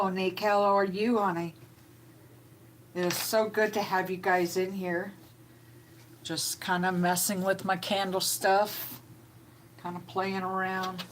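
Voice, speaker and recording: A woman in middle age talks slowly and easily on a home live stream. Her voice sits a little low and homey. A faint hum of room noise runs behind her. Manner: slow, homey and chatty, reading out viewer comments. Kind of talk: casual live-stream chat.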